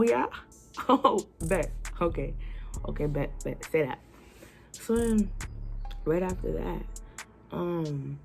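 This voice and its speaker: A young woman vlogger telling a personal story in a casual, animated way, full of slang and fillers. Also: low voice, gravelly. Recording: music playing behind her.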